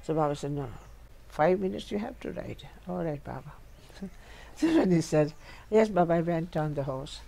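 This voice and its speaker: A woman's voice: low-pitched, normal speed, vocal fry. Older woman telling funny stories. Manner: laughs often, lively storytelling. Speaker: storyteller recalling her life. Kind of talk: humorous storytelling. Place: home.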